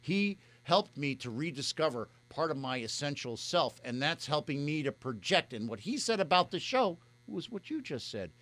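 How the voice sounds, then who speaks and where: A man's voice: on the high side, sing-song, moderate pace, few pauses, fairly bright tone. A man hosting a radio show, talking in an effusive, emotional, rambling way into a studio microphone. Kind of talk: casual on-air chat.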